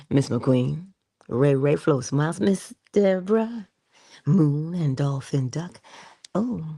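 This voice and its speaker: Low gravelly-voiced woman livestreaming. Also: slow, pauses often, no room sound, clean studio sound. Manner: playful, drifts between whispery asides and animated quoted voices. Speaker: livestream host. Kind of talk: casual motivational livestream talk.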